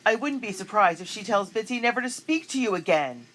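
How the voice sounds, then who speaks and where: A woman's voice: mid-range voice, lively intonation, moderate pace, a little hiss or hum, voice pushed up, lightly acted, poor audio. A woman voicing a haughty, spiteful older girl in a storybook reading, speaking in a mean, sneering way.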